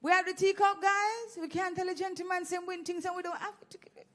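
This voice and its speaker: A woman's voice: very high-pitched, little pitch movement, fast talker, a bit bright. Playful Jamaican woman hosting a giveaway. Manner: playful, teasing, exclamatory. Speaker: event host. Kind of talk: lively audience giveaway hosting. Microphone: handheld microphone.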